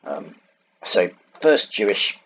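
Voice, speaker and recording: A man's voice: lowish voice, sing-song, takes it slowly, a bit bright, slightly rough, lo-fi sound. A man giving an informal Bible lesson over slides, wandering off on side points and searching aloud for the right word. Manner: digressive, thinks aloud and searches for words. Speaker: Bible teacher.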